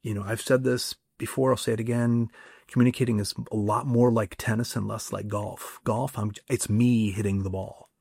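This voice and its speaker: A man with a low, gravelly, husky voice talks through a solo podcast lesson on communication. He speaks conversationally, restarting and repeating words and tossing out rhetorical questions. The sound is dry and close, with no room around it. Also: fairly even intonation, normal speed, a little mellow, dry recording. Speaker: podcast host and communication coach. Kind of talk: solo podcast teaching talk.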